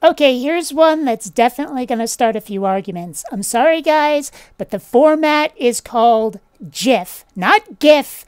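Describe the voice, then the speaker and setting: A woman's voice: high-pitched, lively intonation, moderate pace, hardly any pauses, darkish tone, clean tone, dry recording, studio quality. A woman hosting a casual vlog, blunt and opinionated, swearing offhandedly as she talks. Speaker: channel host.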